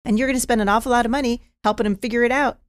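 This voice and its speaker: A woman hosting a podcast interview, asking questions and offering opinions in a casual, warm way. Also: fairly high pitch, steady tone, rapid-fire. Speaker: podcast host.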